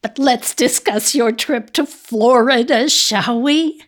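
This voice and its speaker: An actress playing a mother who gently questions her son about his crimes in a soft, hushed voice. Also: on the high side, slow. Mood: probing. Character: mother quietly coaxing her son's confession. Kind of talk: audio drama acting.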